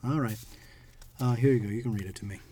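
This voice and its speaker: A man's voice: mid-range voice, fast talker, warm tone, slightly rough. A man co-hosting a podcast, chatting casually and teasing with mock seriousness. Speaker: podcast co-host. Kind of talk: casual chat.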